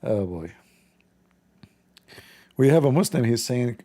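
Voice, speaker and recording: A man's voice: medium pitch, lively intonation, slow pace, warm tone. A middle-aged man hosting a livestream, shifting between casual chat and blunt, mocking preaching in broken grammar. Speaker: livestream host.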